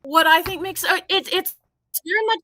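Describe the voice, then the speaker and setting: Enthusiastic, bright-voiced woman guest. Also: very high voice, moderate pace, slight background noise. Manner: enthusiastic, profane. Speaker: guest reviewer. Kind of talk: casual livestream chat. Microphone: video call.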